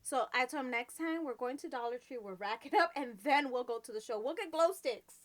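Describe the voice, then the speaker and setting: A woman in her thirties co-hosts a podcast, telling animated stories in casual conversation and laughing often. Her voice sits high and she talks fairly quickly.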